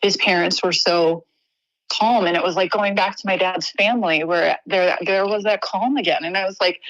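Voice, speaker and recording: A young woman from Wisconsin speaks as a podcast guest, her voice sitting a little low and recorded close and dry. She talks earnestly and haltingly, often restarting her sentences as she works through a personal story. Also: fairly even intonation, fairly bright tone, dry recording, highs cut off.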